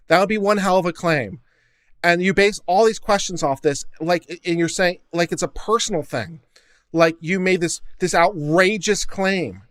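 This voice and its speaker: A man with a fairly high voice rants in casual commentary. His tone is sarcastic and incredulous, stacking up mock-disbelieving remarks as he reacts. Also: fairly bright tone. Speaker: host reacting to court audio.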